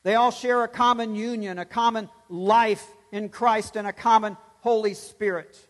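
High-voiced man preaching in a hall. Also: steady tone, normal speed, fairly bright tone. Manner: emphatic preaching, swells and drops for stress. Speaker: pastor. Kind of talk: sermon.

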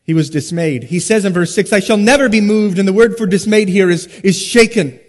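A man preaching an expository sermon, with emphatic stresses, sudden hushed drops and rhetorical questions. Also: sits high. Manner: rhetorical questions and dramatic pauses. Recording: long hall reverb.

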